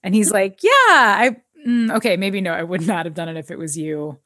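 A woman's voice: fairly low pitch, fast, darkish tone, no echo, studio quality. A woman co-hosting a casual podcast, chatting with lots of fillers, recapping a TV episode and reading an article aloud. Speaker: podcast co-host.

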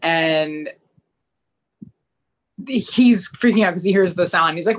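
A woman's voice: slow, pauses often. A young woman co-hosting a podcast, casually recapping a TV episode and acting out the characters' lines. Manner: animated, acts out characters' lines with big pitch jumps. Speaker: podcast co-host.

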